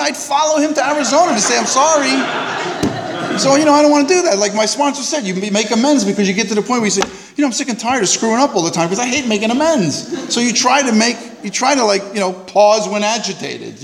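A man sharing at a recovery meeting, telling a self-mocking, animated story that rises loud and high at the funny parts. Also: creaky, big-room sound, noisy background. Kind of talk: storytelling share.

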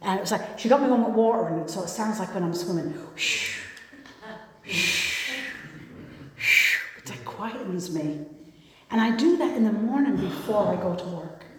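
A woman speaks to a gathered audience in a rambling, self-mocking way, often restarting her sentences. Her voice sits at a middle pitch. It rings with heavy echo and a long reverb, as in a big hall. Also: mellow, a little hiss or hum. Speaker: recovery meeting speaker. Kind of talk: personal talk to an audience. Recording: echoey hall.

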